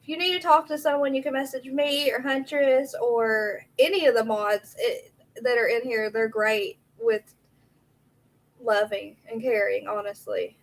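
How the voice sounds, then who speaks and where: High-voiced woman chatting on a livestream. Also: steady tone, unhurried, rough recording. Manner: chatty, reacts to chat aloud. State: out of breath. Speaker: livestream host. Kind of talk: casual livestream chat, reading comments.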